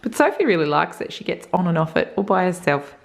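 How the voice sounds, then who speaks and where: A young Australian woman narrating a home parenting vlog in a soft, hushed voice. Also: fairly low pitch, fairly even intonation, a little fast, creaky. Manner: soft, hushed voice, keeping quiet for someone asleep. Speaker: parenting vlogger. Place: family home. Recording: roomy and distant with music behind.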